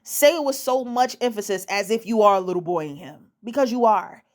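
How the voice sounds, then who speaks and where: A woman's voice: mid-range voice, a little fast. Blunt, profane young woman repeating points for emphasis. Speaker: dating advice vlogger. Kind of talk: casual monologue to camera.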